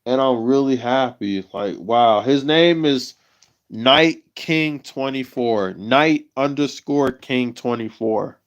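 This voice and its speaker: Slow-talking emotional man on a livestream. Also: medium pitch, lo-fi sound. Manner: halting, repeats himself, emotional. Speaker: livestream host.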